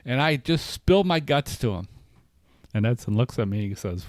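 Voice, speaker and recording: A man's voice: medium pitch, sing-song, normal speed, a little mellow, dry recording. A middle-aged man talking candidly in a casual podcast conversation, telling personal stories with many fillers and restarts. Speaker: podcast co-host.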